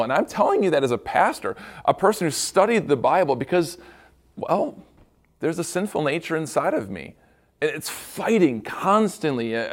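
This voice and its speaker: A middle-aged school pastor with a mid-range voice delivers a devotional talk to students. As he tells the story, he acts out the quotes.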